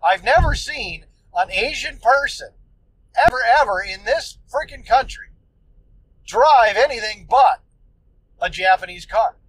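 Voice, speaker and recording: A man's voice: extremely high pitch, animated, measured pace, fairly bright tone, breathy edge, no room sound, low-quality recording. A man hosting a solo podcast, telling a story in a loose, profane, ranting way. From United States. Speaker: podcast host.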